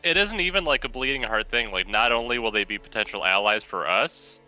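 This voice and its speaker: Bright, rambling man gamer. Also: mid-range voice, animated, brisk, faint music behind, low-quality recording. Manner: rambling, filler-heavy. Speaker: player. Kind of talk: casual tabletop role-play over voice chat.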